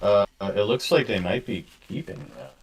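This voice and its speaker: A man co-hosting a casual VR podcast livestream over a video call, making quick quips. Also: lowish voice, gravelly, slight background noise. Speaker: podcast co-host.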